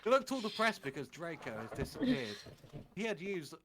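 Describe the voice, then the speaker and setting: A man reading a fan fiction aloud for laughs, acting out lines in a mock-dramatic way with loud exaggerated quotes and flat asides. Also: high voice, normal speed, background noise.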